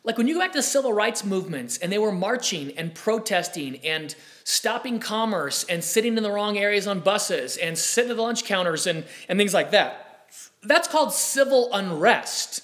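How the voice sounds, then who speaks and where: A man's voice: high-pitched, moderate pace. Impassioned male talk show host. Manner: impassioned, animated, with frequent asides. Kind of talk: live talk show monologue.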